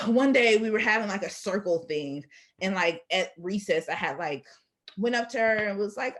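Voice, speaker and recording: Animated young woman telling a story. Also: mid-range voice, moderate pace. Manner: animated, laughs often, acts out quoted voices. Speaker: interview guest. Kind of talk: casual storytelling.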